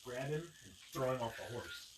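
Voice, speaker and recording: A man playing a tabletop game, answering with brief, low-key replies. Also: moderate pace. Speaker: player. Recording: echoey, distant and very noisy.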